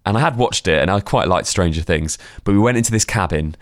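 A man with a fairly low voice chats on a radio show. He tells rambling, self-deprecating stories and often stops and restarts his sentences. The sound is dry and close. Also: lively intonation, fast, no echo. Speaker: radio co-host. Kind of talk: casual radio chat.

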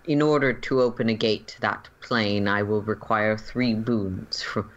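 Brief: a man playing an ancient fae gatekeeper, grave and formal, very slow, low, muffled lo-fi sound. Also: steady tone. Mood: solemn. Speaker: game master. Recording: muffled lo-fi recording.

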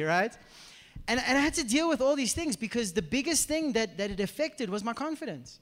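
A man's voice: extremely high pitch, very animated, brisk, fairly bright tone. A middle-aged male pastor, telling a personal testimony in a sermon and acting out the voices of the people in his story. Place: church hall before a congregation. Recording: echoey hall reverb.

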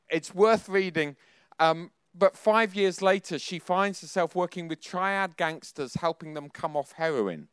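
A man's voice: high voice, clean tone, dry recording, studio quality. A man in his fifties preaching a sermon, telling personal stories in a chatty, self-deprecating way with nervous laughs.

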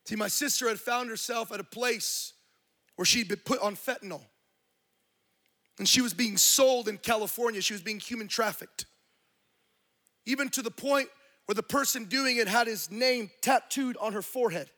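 High, bright-voiced preaching man. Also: normal speed. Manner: impassioned storytelling with quoted dialogue; preaches to a live congregation. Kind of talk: sermon.

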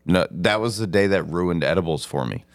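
A man's voice: low voice, animated, brisk, dry recording. A man co-hosting a podcast, telling laid-back, profane stories in casual chat. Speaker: podcast co-host.

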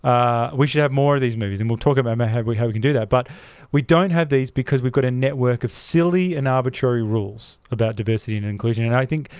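A man's voice: mid-range voice, fast, hardly any pauses, a little mellow, clear, resonant tone, no room sound. A man co-hosting a podcast, ranting in an opinionated casual chat with many restarts and asides. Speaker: podcast co-host.

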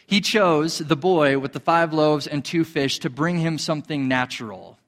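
A man preaching a sermon as a pastor, animated, acting out quoted voices. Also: long reverb tail. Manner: animated, acts out quoted voices in a higher pitch.

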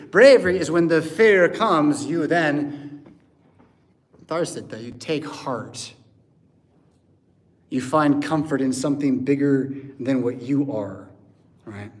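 A male American pastor delivers a sermon in a church, talking in a lively, theatrical way. He acts out little scenes with put-on voices and sound effects. His voice sits a bit higher than most men's.

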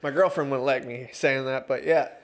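At normal speed and medium pitch, with fairly even intonation, a man in his thirties tells stories as an interview guest. He's an MMA referee and judge, chatty, laughing and heavy on fillers.

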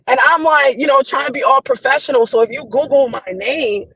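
A young adult woman, a podcast guest, telling a story in an animated, profane, slangy way. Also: high-pitched, brisk, vocal fry, poor audio. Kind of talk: casual storytelling chat.

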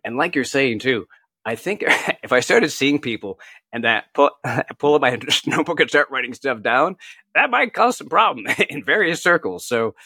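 A middle-aged man chats as an author guest, telling self-deprecating anecdotes and laughing often. His voice sits at a middle pitch. The sound is dry, with little room echo. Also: sing-song, moderate pace, creaky, sharp tone, slightly rough. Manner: tells anecdotes with quoted asides. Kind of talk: casual interview chat.

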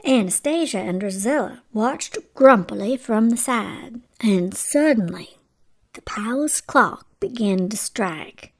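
A woman hosting a children's radio show, telling a bedtime story gently and sometimes dropping to a whisper. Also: on the high side, animated, slow.

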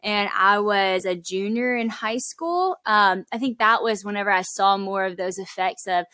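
A woman's voice: mid-range voice, normal speed, bright, forceful tone, dry recording. Young woman guest, earnest and chatty, fillers and quoted asides, dry studio mic. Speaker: podcast guest. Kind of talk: casual podcast conversation.

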